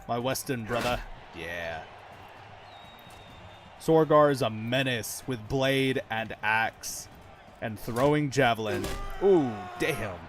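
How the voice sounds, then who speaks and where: A man's voice: mid-range voice, lively intonation, slow, long pauses, over music. A man giving casual, chatty commentary over his own gameplay, swearing freely and laughing often as he talks to his viewers. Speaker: gaming channel host.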